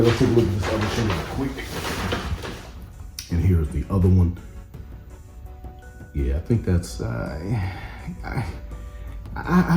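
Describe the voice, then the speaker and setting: A man casually reviewing sneakers on camera, relaxed and rambling with many fillers. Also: sits low, reverberant. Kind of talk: casual product review vlog. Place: indoor room with camera. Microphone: camera mic.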